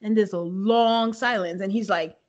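A young woman co-hosting a podcast, recapping a reality show in a casual, animated way and acting out quotes with laughs. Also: medium pitch, normal speed, lo-fi sound. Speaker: podcast co-host.

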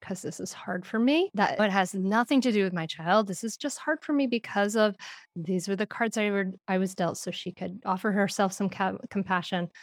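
A woman's voice: mid-range voice, moderate pace, no room sound, studio quality. A middle-aged woman, a podcast guest, telling parenting stories in casual talk, laughing often and acting out what she said. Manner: animated, laughs often, acts out quotes.

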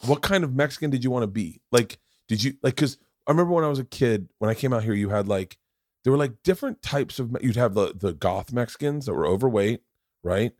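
A middle-aged man hosts a loose interview podcast. He talks in winding, self-correcting bursts and swears casually. His voice sits mid-pitch, close on a dry mic. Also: lively intonation, fast talker, a little mellow, no room sound. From Florida. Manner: rambling, many restarts, swears freely. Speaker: podcast host.

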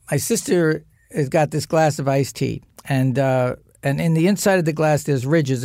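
A middle-aged man tells a family story as a guest in a studio, animated and quick to act out each scene, with frequent restarts. His voice sits fairly high for a man. The sound is close and dry. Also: no echo. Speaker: guest actor. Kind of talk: casual storytelling in an interview.

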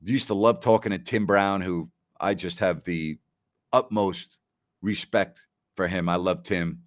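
His voice sits low, with fairly even intonation and an unhurried delivery. He's a middle-aged man from New York hosting a laid-back talk show, talking with stream listeners and spinning stories full of repeated words and quotes.

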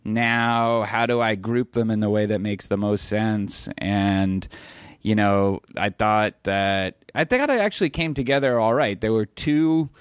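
Man, low pitch, dry close sound, rambling casual chat, middle-aged. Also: a little slow, smooth, no room sound. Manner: rambling, self-interrupting storyteller. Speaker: podcast co-host.

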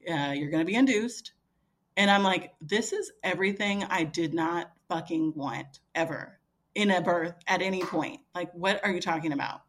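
A woman in her thirties, speaking at a moderate pace in a lowish voice, is a podcast guest telling a story casually. She performs other people's lines in animated dialogue, and fillers come up often.

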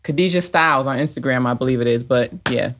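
A woman co-hosting and producing a live podcast, talking casually in a relaxed, joking way. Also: a bass voice, fast talker, slight background noise. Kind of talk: casual live-stream chat.

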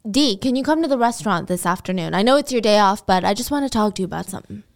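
A woman's voice: mid-range voice, lively intonation, rapid-fire, lightly acted. A woman voicing a curt middle-aged male restaurant manager who speaks in a clipped, offhand way.

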